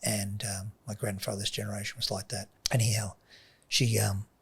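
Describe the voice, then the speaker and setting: A middle-aged man, telling a personal story as a guest in a soft voice that often drops to a whisper. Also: lowish voice, little pitch movement, moderate pace. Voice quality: gravelly and very raspy.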